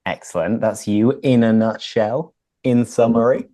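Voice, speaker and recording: A man's voice: medium pitch, a little slow, warm tone, dry recording. A man hosting an English-learning interview, asking questions and giving short encouraging responses. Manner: encouraging, brief prompts. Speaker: host, English teacher.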